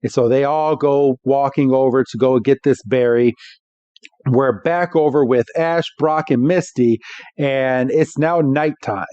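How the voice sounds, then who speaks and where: Man, podcast co-host, casual recap, relaxed filler-heavy talk, dry and slightly muffled sound. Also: medium pitch, measured pace, no echo. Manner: relaxed storytelling with frequent fillers.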